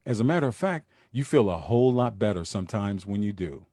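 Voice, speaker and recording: A man's voice: fairly low pitch, fairly quick, no echo, clean studio sound. A man hosting a podcast, talking casually to his listeners in street slang and acting out little scenes as he goes. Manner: street slang, animated asides and acted-out quotes. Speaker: podcast host. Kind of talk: casual solo talk to listeners.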